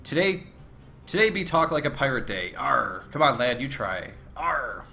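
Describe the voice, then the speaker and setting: A man's voice: mid-range voice, big pitch swings, normal speed, gravelly, bright, forceful tone, heavily acted. A man voicing a boisterous pirate with growling pirate talk. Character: boisterous male pirate, hearty and loud.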